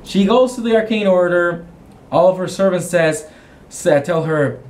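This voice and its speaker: A game master with a high voice casually rambles through a recap of a tabletop roleplaying session, animated and often starting over. He talks at normal speed, and the recording has a little hiss or hum.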